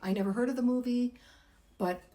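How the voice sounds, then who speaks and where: A woman's voice: a little high, steady tone, brisk, mellow, low-quality recording. A middle-aged woman, a massage therapist, chattily telling a personal story and acting out the voices she quotes. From United States.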